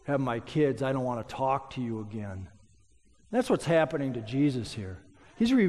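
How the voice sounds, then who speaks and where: A man's voice: on the high side, darkish tone. A male pastor delivers a sermon, slipping into quoted voices as he tells stories. His voice sits a little above the usual male range. The sound carries a long, hall-like reverb around him. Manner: storytelling, acts out quoted voices.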